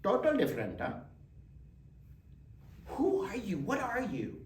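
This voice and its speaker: A man leads a motivational workshop, firing rhetorical questions at his listeners. His voice swoops lively between high and low. He is heard from some distance in a roomy space. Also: a little slow, a little hiss or hum. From Quebec, Canada. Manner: animated, rhetorical questions to the audience. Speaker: workshop presenter.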